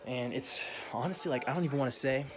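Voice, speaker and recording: A man's voice: mid-range voice, quick pace. A young man vlogging a casual, profane rant full of slang, often laughing as he talks.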